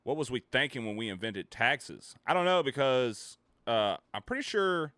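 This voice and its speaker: A man streamer ranting in casual chat, animated, swearing and laughing between points. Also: medium pitch, normal speed, no echo. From United States.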